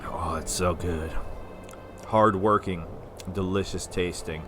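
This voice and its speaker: A man from the United States giving casual, rambling let's-play commentary as a gaming video host, sometimes slurring syllables when excited. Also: low voice, slow, over music. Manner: rambling, chatty, self-deprecating.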